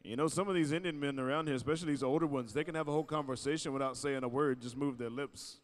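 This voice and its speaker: A man's voice: mid-range voice, quick pace. A man announcing at a powwow arena, easygoing and joking as he calls out names over a PA microphone. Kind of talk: live event announcing.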